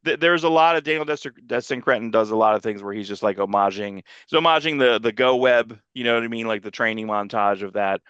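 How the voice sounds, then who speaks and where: A man's voice: lowish voice, quick pace, few pauses, fairly bright tone, clear, resonant tone, dry recording. Rambling man, dry lo-fi podcast mic. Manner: rambling, restarts and trails off mid-sentence. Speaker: podcast co-host. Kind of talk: casual chat reviewing a movie.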